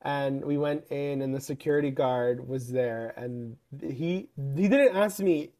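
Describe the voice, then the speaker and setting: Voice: medium pitch, unhurried. A young adult co-hosting a podcast in casual chat, telling stories with lots of "like" and acting out the people in them. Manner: animated storyteller, acts out quoted people. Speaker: podcast co-host.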